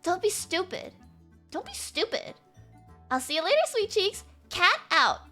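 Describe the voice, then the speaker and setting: A woman puts on a bubbly, flirty guide for a dating game, high-pitched and bright. She teases and winks her way through every line, bouncing all over her range. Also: very animated, a little slow, soft background music, full character voice. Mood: teasing. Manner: playful, teasing. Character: perky female show guide, teasing and flirty.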